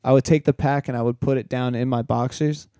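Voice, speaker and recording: A young man with a mellow, smooth voice, recorded close and dry. He tells stories in a laid-back way, swears freely and acts out quotes now and then. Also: medium pitch, fairly even intonation, a little fast, dry recording. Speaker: podcast co-host. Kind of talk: casual chat.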